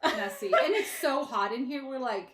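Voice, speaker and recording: A woman with a high voice chats casually as a podcast co-host. She tells stories with animation and acts out the people she quotes. The room around her is echoey. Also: animated, moderate pace, fairly bright tone, slight background noise. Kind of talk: casual chat. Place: warm indoor room. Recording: roomy echo.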